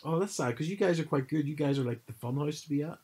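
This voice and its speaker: A man co-hosting a podcast, telling stories in an animated, casual chat full of fillers. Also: a little high, quick pace, husky, poor audio. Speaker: podcast co-host.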